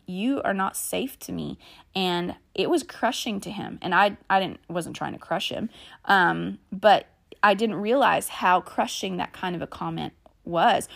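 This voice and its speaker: A woman's voice: mid-range voice, vocal fry. Chatty, earnest woman podcast host. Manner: chatty and earnest, with anecdotes about family. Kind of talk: casual solo podcast talk.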